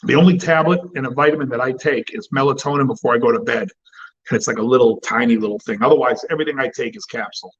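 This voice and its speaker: A man's voice: medium pitch, quick pace, a bit bright, muffled recording. A man hosting a cigar channel, chatting casually and bluntly with plenty of swearing. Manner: blunt and profane. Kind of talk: casual livestream chat.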